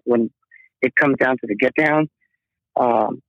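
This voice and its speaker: A man's voice: mid-range voice, normal speed, no room sound. A male musician telling a rambling, heartfelt story in an interview, with many restarts. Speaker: musician guest. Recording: tinny phone line.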